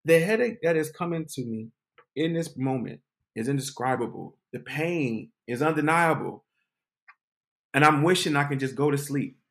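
A man hosting a podcast, telling a comic story in an animated, dramatic way. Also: fairly high pitch, moderate pace, creaky. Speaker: podcast host. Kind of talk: comedic storytelling.

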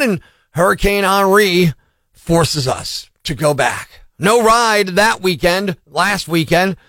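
A man's voice: sits high, bright, forceful tone, no room sound. A man hosting a morning radio show, telling a story in a brash, punchy, boastful way. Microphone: studio microphone.

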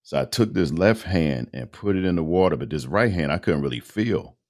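A middle-aged man with an extremely deep voice tells a personal story as a podcast guest. His pitch moves a lot, and he acts out the dialogue in a casual, slangy way. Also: animated, brisk, a little mellow. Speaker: podcast guest, voice-over artist.

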